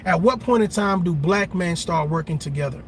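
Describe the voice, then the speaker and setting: A man hosting a casual live stream, talking straight to his viewers in an animated, blunt way with plenty of swearing. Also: sits high, normal speed, slight background noise. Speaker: livestream host. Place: parked car in a park.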